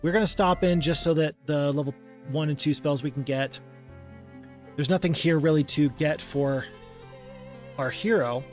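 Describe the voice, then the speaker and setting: A casual gaming host with a slightly high voice thinks out loud during a strategy game, murmuring unit counts under his breath. He readily owns up to his mistakes, with faint music in the background.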